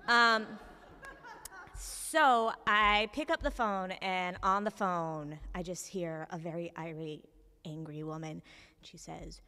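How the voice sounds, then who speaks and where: A young woman telling a personal story on stage in an animated, self-mocking, conversational way. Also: on the low side, a little slow, clear, resonant tone. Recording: reverberant hall.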